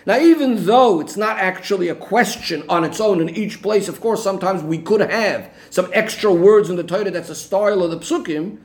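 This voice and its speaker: A man's voice: high voice, normal speed, hardly any pauses. A man giving an explanatory Torah lesson, going through the reasoning methodically and restating each point step by step. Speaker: Torah teacher.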